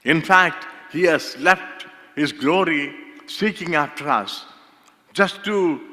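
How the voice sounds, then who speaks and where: A man from India preaching a sermon as pastor, slow and emphatic, repeating key phrases for weight. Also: a little high, sharp tone. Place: church sanctuary. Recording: long hall reverb.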